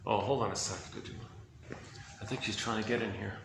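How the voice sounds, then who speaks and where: A self-help commentator delivers a rambling monologue full of restarts and asides as he moves through an indoor building with a hallway and rooms. His fairly low, creaky voice stays steady and fairly quick, captured in an echoey space with background noise.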